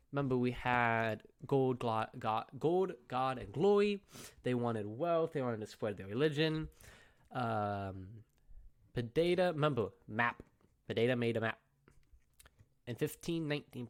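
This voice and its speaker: Young teacher dude, laid back, mid voice, repeats stuff and says okay a lot. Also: male voice, medium pitch, clean tone. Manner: casual, repeats points and checks in with "okay?". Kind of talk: recorded classroom review lecture.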